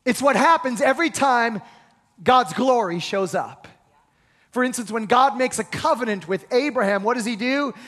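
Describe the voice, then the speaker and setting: A male pastor preaching a sermon with energetic rhetorical questions and call-and-response with the congregation. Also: very high-pitched, normal speed. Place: church hall. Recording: reverberant hall.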